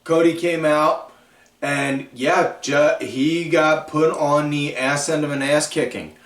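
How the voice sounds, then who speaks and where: A man's voice: fairly high pitch, fairly even intonation, fairly bright tone. A man hosting a wrestling podcast, recapping shows in a rambling, casual way full of fillers. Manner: slow, drawn-out, rambling delivery with frequent fillers. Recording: echoey room, far from the mic.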